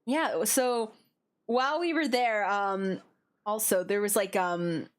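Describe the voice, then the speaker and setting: Her mid-range voice unhurried, a young streamer chats casually about her day, giggling and rambling with lots of fillers. She puts on animated, silly voices for quoted bits, and faint music plays in the background.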